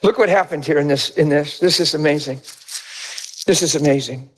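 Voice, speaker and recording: A middle-aged man delivers a sermon with a somewhat high voice. He tells personal stories with lots of energy and acts out the other people in them with squealing, exaggerated voices. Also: normal speed, slightly rough. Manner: animated storytelling, acting out voices in high squeals. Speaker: preacher.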